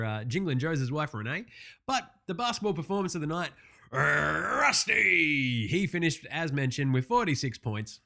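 A man with an Australian accent hosting a casual sports recap, swearing freely, ranting and sarcastic. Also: mid-range voice. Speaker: sports podcast host.

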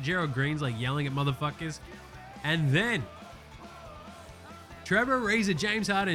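Aussie guy ranting about last night's games, swears nonstop, kinda high voice, faint music under it. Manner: excitable, swears constantly, does mocking voices. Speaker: sports podcast host. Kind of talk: profane casual basketball recap.

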